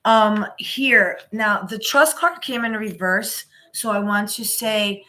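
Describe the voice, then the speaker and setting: Bright-voiced woman doing a tarot reading. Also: medium pitch, slow. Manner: rambling, with many restarts and repeated "you know"; emphatic and encouraging. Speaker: tarot reader. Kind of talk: casual live tarot reading.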